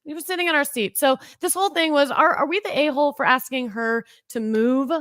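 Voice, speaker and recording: A woman with a fairly high voice co-hosts a casual podcast, rambling chattily with frequent fillers. Her voice sounds dry and close, with little room sound. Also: fairly quick, fairly bright tone, dry recording. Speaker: podcast co-host. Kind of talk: casual chat.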